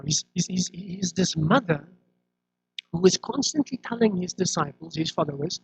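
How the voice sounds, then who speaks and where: A man delivers a sermon in an easy, conversational way, often circling back over his words. His voice sits a little high and has a gravelly edge. The recording is dull and lo-fi. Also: fairly quick. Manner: conversational, repeats words when restarting. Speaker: preacher.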